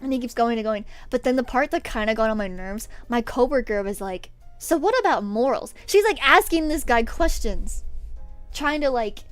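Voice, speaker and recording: A young woman streaming, telling a story in casual chat, animated, swearing freely and laughing often. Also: on the high side, moderate pace, clear, resonant tone, no echo, faint music behind.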